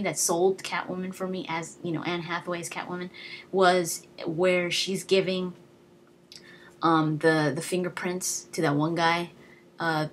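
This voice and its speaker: A woman's voice: fairly low pitch, a bit bright, a little hiss or hum. A young woman giving a casual, chatty movie review, enthusiastic and full of fillers and restarts. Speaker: video blogger.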